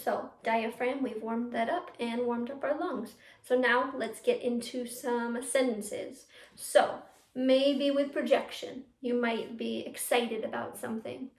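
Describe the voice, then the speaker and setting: High-voiced drama teacher leading breathing drills. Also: female voice, fairly even intonation, measured pace. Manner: encouraging, talks straight to the viewer, leads breathing drills. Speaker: youth theatre drama teacher. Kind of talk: virtual class to children at home. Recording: echoey room.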